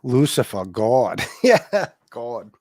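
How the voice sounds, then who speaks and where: A man's voice: medium pitch, sing-song, slow, darkish tone, no room sound, studio quality. A man hosting a casual livestream with a stuffed-up nose, rambling, swearing and reading viewers' chat comments aloud. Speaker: livestream host.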